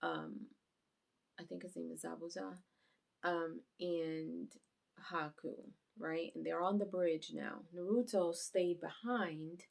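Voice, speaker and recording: A woman with a lowish, gravelly voice recaps an anime episode for her channel. She rambles casually through the scenes and gets animated as she retells the action. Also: slow. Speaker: YouTube anime reviewer.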